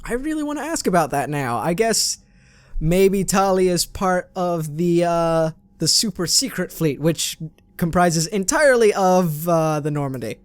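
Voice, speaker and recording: A man's voice: high-pitched, expressive, measured pace, no room sound. A man hosting a let's play, chatting casually and reading in-game messages aloud with his own asides. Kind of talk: casual gameplay commentary.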